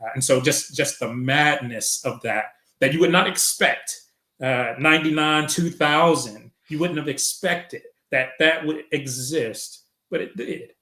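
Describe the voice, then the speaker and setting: A man's voice: fairly high pitch, a little slow, bright, forceful tone. Reflective man telling a story, roomy sound. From Chicago. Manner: reflective, retells events with quoted dialogue. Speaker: podcast guest. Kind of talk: storytelling in conversation. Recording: roomy echo.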